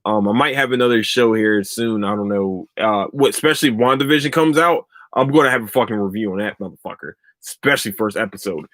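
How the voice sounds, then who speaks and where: A man's voice: lowish voice, fast, few pauses, a bit bright, no echo. A young man hosting his own podcast, ranting casually and profanely. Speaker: podcast host. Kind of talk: casual solo podcast rant.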